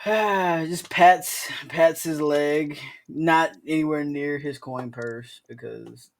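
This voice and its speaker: A woman's voice: low-pitched, slow pace. A woman describing her character's actions as a player in a tabletop game, easygoing.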